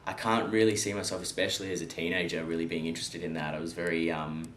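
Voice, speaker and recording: A man's voice: low-pitched, little pitch movement, quick pace, a bit bright. A young Australian man, an actor being interviewed, answering casually and easygoingly with frequent ums. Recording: echoey room with faint noise.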